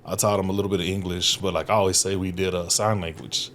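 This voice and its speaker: A man's voice: low voice, fast talker. A man guesting on a podcast, telling stories in a casual, profane way, often laughing and acting out what others said. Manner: profane, animated, laughs often, acts out quotes. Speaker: guest comedian. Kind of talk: casual storytelling chat. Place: podcast studio.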